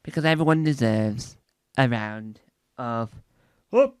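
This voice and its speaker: A man's voice: a little high, lively intonation, unhurried, a bit bright, clear, resonant tone, no room sound. A man with a Northern English accent performing a playful comedy routine, repeating words and singing silly phrases. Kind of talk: audio comedy special.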